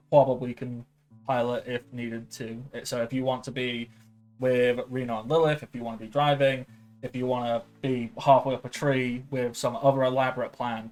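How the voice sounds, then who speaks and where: A male game master narrates a tabletop game in a relaxed, unhurried way, with plenty of ums and uhs. His voice sits at a middling pitch, and a faint music bed plays underneath.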